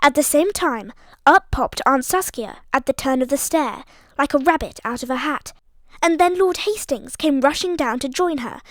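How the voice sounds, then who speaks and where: A woman with a fairly high voice reads a story aloud with expressive, lively delivery. The sound is close and dry, with no room around it. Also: moderate pace, dry recording. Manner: expressive, voices each character. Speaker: audiobook narrator. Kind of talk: storytelling narration.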